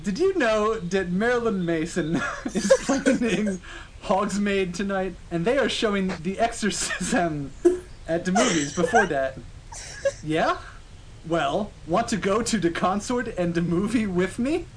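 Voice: medium pitch, measured pace, heavy background noise. A podcast co-host doing a comic dramatic reading of a story, stopping often for laughing asides. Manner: reads with frequent laughing asides.

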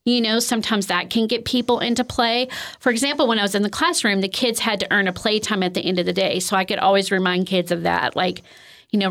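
A woman giving an informal training talk on de-escalation, conversational, with many "you know"s and ums, who acts out gentle example phrases. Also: mid-range voice, fairly even intonation, fast.

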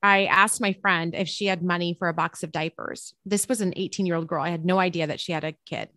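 A woman guest tells a personal story with a bright, forceful voice. She shifts into the voices of the people she quotes. The room is dry and close. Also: lowish voice, a little fast, no echo. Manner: expressive, acts out quoted dialogue. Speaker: interview guest and author; teacher.

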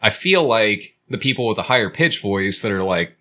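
A man's voice: on the low side, animated, moderate pace, bright, forceful tone. A young man co-hosting a podcast, earnestly arguing his point in casual chat. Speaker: podcast co-host.

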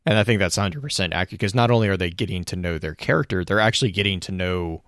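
A man with a low, deep voice chats casually as a podcast co-host. He talks with enthusiasm, restarting his sentences often as his thoughts run ahead. The sound is dry and close. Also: rapid-fire, a bit bright, dry recording. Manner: enthusiastic, rambling with frequent restarts. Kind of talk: casual chat.

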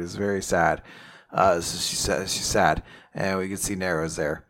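A man casually recapping an anime chapter on a podcast, rambling with lots of fillers and quick paraphrases. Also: on the low side, fairly even intonation.

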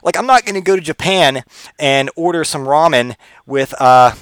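A man's voice: fairly high pitch, normal speed, a bit bright, clean tone, dry recording. A man hosting a comedy podcast, delivering a rambling, profane, digressive monologue. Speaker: podcast host.

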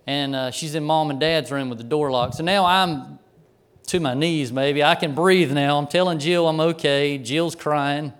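Middle-aged pastor, male, slightly high voice, folksy animated storyteller from the pulpit. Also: unhurried, clean tone. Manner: animated, folksy anecdote with chuckles. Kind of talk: storytelling sermon.

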